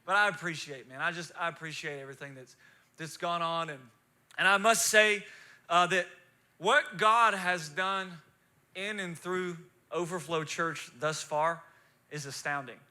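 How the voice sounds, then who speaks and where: A male pastor preaching a sermon in a church, emotional and swinging from soft, confiding talk to shouted fervor. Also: fairly high pitch, steady tone, a little slow. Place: church sanctuary.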